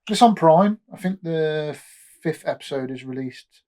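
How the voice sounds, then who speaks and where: A man's voice: on the high side, animated, measured pace, darkish tone. A man co-hosting a podcast in casual chat, rambling through anecdotes and trailing off mid-sentence. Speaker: podcast co-host.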